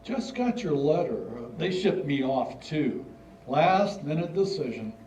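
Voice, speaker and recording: A man's voice: a little high, animated, measured pace, warm tone, distant mic, a little hiss or hum. An older man in a staged reading, playing an earnest, slightly formal schoolboy writing letters. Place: stage in a hall. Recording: dull, roomy hall recording from afar.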